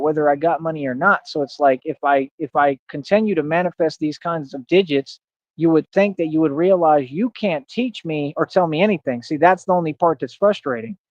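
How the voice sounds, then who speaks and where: Man, fairly high voice, boastful and combative rant, repetitive, dry close sound, dull lo-fi stream audio. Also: dry recording. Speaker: live streamer. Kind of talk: ranting livestream monologue.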